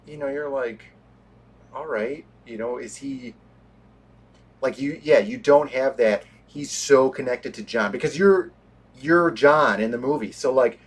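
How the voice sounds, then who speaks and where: A man co-hosting a casual movie review chat, animated, often acting out scenes in quoted voices. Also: mid-range voice, moderate pace. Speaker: podcast co-host.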